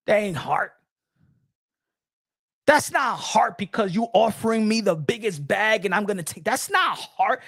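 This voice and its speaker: A man's voice: very high-pitched, fairly bright tone, no echo, clean studio sound. A man, ranting as a profane, mocking boxing commentator.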